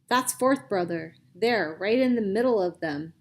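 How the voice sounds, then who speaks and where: A woman voicing an eager young man companion who yells excitedly. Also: mid-range voice, unhurried, natural voice. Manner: excited yelling.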